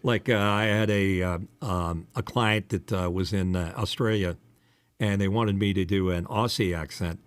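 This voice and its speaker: A man co-hosting a casual podcast chat, a commercial voice actor who talks in an animated way and drops in quick impressions. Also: sits low, clear, resonant tone, no echo. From United States.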